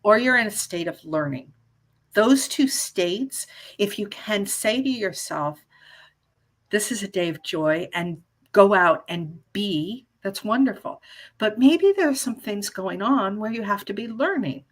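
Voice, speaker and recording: Playful, lively woman in her fifties. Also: medium pitch, measured pace. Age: 50s. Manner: lively, playful, restarts often, acts out little scenes. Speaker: guest, life coach. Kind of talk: casual interview chat.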